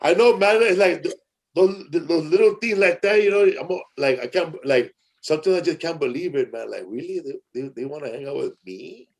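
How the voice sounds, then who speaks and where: A middle-aged man hosts a podcast in a voice pitched a little high. He rambles through his stories in a loose, slangy way, full of "bro" and "man". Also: animated, a little fast. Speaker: podcast host. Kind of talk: casual storytelling chat.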